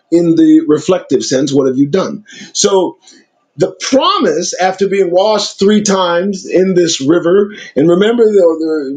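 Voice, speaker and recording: A man's voice: high-pitched, a little mellow, rough recording. A man reading old scripture aloud and breaking off into casual commentary full of emphatic rhetorical questions.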